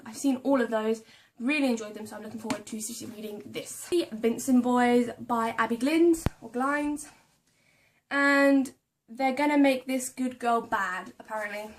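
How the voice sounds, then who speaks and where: Her voice sits on the high side, with a faint hiss or hum in the recording. This young book vlogger chats casually about the books she bought, reading their blurbs aloud and stumbling on names and hard words as she goes.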